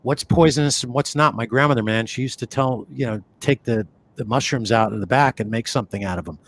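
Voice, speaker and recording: A man co-hosting a podcast in loose, conversational talk. He rambles with lots of fillers and restarts, and his voice sits at an ordinary middle pitch. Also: fairly quick, a little hiss or hum. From New York City area. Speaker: podcast co-host.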